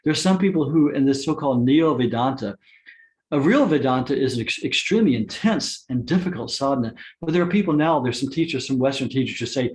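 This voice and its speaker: A man giving a spiritual satsang talk, telling personal stories with soft laughs and frequent restarts. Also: mid-range voice, lively intonation, brisk. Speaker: spiritual teacher.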